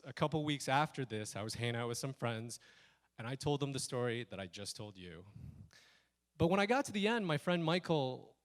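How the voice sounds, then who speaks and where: Man telling a story with lively voices. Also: mid-range voice, fairly quick. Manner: animated, acts out quoted lines in shifting voices. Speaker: speaker telling a personal story. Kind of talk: live storytelling talk. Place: stage at a speaker event.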